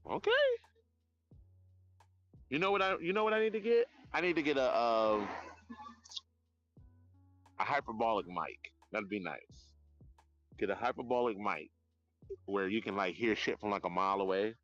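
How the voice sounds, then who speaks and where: A man live-streaming outdoors at night on his phone, chatting in a rambling, profane, animated way. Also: fairly low pitch, moderate pace, pauses often, highs cut off, faint music behind. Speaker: livestreamer. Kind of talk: casual live-stream chat.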